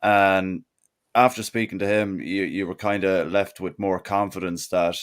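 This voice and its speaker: A man's voice: low-pitched, fairly even intonation, measured pace. A man co-hosting a football podcast, setting out his points at length in an earnest, casual way. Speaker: podcast co-host.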